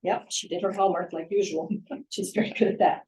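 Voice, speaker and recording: A woman's voice: mid-range voice, fairly even intonation, a little fast, warm tone, poor audio. Firm woman giving public comment. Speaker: resident speaking at public hearing.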